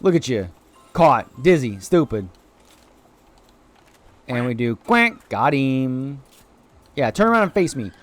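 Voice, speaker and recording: A man streaming a video game live, chatting excitedly to viewers and cheering on his creatures, with sudden high-pitched exclamations. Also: slow, long pauses, dry recording. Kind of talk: live gameplay commentary.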